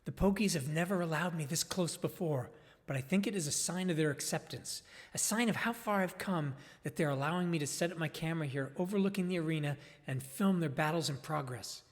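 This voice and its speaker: A man's voice: on the high side, fairly quick, natural voice. A man playing an eager, awestruck male nature filmmaker narrating with enthusiasm, recorded with long reverb. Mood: zealous. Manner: enthusiastic, wide-eyed. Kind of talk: dramatized monologue.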